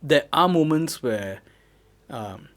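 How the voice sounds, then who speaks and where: A young man with a Malaysian English accent hosting a casual podcast chat, animated and quick to laugh. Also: on the high side. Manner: animated, laughs often, talks in bursts. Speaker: podcast host.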